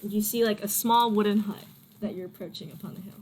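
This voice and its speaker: A woman's voice: mid-range voice, fairly even intonation, fast talker, a little mellow, a little hiss or hum. A woman narrating as game master of a tabletop game who laughs often.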